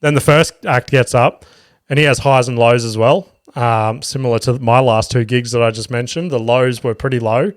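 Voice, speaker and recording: A man's voice: medium pitch, fairly even intonation, moderate pace, no room sound, clean studio sound. A man hosting a solo podcast, chatting casually and swearing freely as he rambles through stories. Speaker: podcast host and stand-up comedian.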